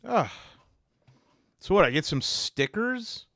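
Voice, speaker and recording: Animated man unboxing games. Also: high-pitched, slow pace, dry recording, clean studio sound. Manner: animated, exasperated, rambling with restarts. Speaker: tabletop game reviewer. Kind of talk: casual unboxing vlog.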